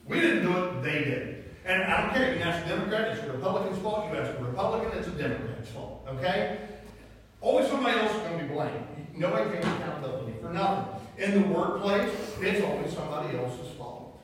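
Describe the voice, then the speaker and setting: A man preaches in a folksy, storytelling way, building to emphatic points. His slightly high voice rings through a church hall, picked up from a distance with a long, echoing tail. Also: animated, fast, slight background noise. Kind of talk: sermon. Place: church sanctuary.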